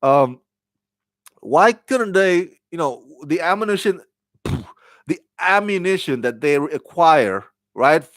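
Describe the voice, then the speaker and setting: A man's voice: a little high, lively intonation, slow, fairly bright tone, no room sound. Rambling man reviewing a TV show. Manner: rambling, repeats words while thinking aloud. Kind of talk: casual spoken TV review.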